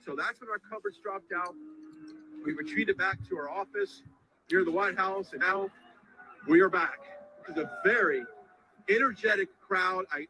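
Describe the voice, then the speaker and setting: Halting man reporting live outdoors. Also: sits high, sharp tone. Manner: breathless, halting, reacting on the spot. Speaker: field reporter. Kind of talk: live on-scene news commentary. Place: outdoors in a large crowd. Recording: noisy outdoor crowd recording.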